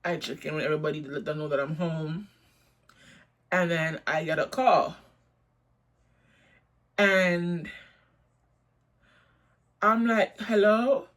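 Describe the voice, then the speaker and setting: A woman's voice: deep voice, slow pace, long pauses, fairly bright tone. A young woman telling a storytime vlog in a blunt, profane, indignant way. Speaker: storytime vlogger.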